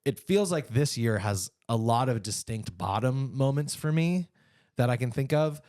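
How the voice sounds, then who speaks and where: A man's voice: medium pitch, lively intonation, darkish tone, dry recording. Chatty male podcast co-host, dry sound. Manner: chatty, joking, quick asides. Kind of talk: casual chat.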